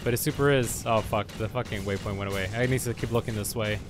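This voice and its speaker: A man's voice: on the low side, fast, music in the background. A man giving let's play commentary on a game, swearing often and yelping at enemies. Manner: profane, excitable, yelps at enemies. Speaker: gamer.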